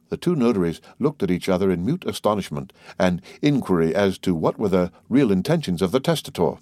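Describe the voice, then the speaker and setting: A man narrates a classic novel in a steady, even reading voice. His tone sits on the low side, and the recording is dry and close with no room sound. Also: fairly quick, few pauses, no room sound. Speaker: audiobook narrator. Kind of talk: scripted narration.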